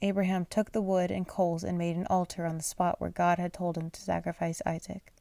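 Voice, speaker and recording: A woman's voice: on the low side, level tone, brisk, creaky, warm tone, no room sound. A woman reading a children's bible aloud at bedtime, sleepy and yawning, often stumbling over words and apologizing. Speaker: reader.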